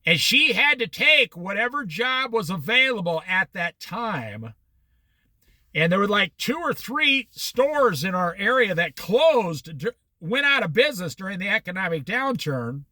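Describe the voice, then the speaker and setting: A man's voice: high voice, sing-song, unhurried, pushed and bright, dry recording. A middle-aged American man telling rambling personal stories in a casual monologue. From United States. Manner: rambling, anecdotal, with restarts and quoted dialogue.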